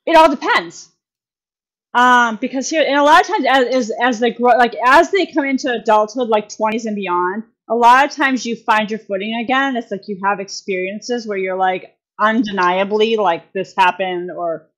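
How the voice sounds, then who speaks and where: A woman with a fairly high voice talks as a guest on a podcast. Her speech is chatty and meandering, with frequent "um"s and self-corrections. She uses homey, informal turns of phrase as she explains. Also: moderate pace, fairly bright tone. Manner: rambling with many fillers and restarts. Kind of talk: casual conversational explaining.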